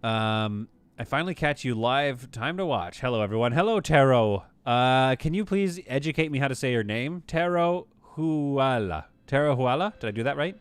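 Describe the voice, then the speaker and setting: A man's voice: medium pitch, expressive, normal speed, clear, resonant tone, no room sound. A man streaming a space-building game, chatting casually, rambling, and reading viewer messages aloud. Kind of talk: casual live-stream commentary.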